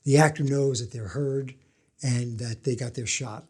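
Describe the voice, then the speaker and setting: A man with a husky, slightly breathy voice speaks in a reflective interview. He sounds thoughtful and frank, with a touch of gentle self-deprecation. His tone is dark and mellow. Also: mid-range voice, steady tone, moderate pace. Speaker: film director and writer.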